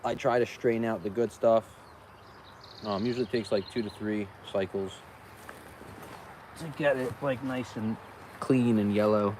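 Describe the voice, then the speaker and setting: A man's voice: lowish voice, steady tone, a little slow, long pauses, a little mellow. A man vlogging outdoors as he inspects his beehives, chatting casually and talking to the bees. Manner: chatty, talks to the bees, exclaims often. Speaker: beekeeper vlogger. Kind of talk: casual running commentary. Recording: outdoor noise in background.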